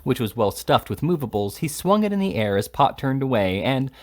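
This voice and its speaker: A man reading a classic novel aloud at a steady pace, with occasional stumbles. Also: mid-range voice, fairly quick. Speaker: reader.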